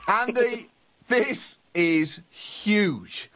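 A man's voice: on the high side, normal speed, soft background music. Bouncy comedy podcast guy, voice swings all over, teasing his co-host. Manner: animated, teasing, mock-outraged emphasis. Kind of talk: comic banter.

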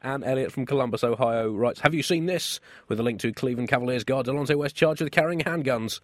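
A man co-hosting a comedy radio show, wry and deadpan. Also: medium pitch, fast talker, no room sound, clean studio sound. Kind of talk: comic radio banter.

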